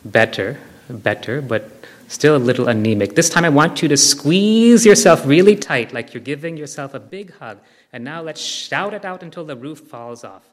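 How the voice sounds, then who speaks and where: A man giving a devotional talk to an audience, animated, leading them in group chants. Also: fairly high pitch, normal speed. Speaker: spiritual speaker. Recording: hall with long reverb.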